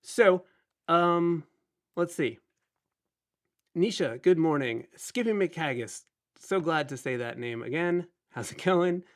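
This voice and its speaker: A man in his thirties with a slightly nasal voice hosts a casual live stream, greeting viewers in a chatty, rambling, self-deprecating way. His pitch is fairly high, his delivery animated but slow.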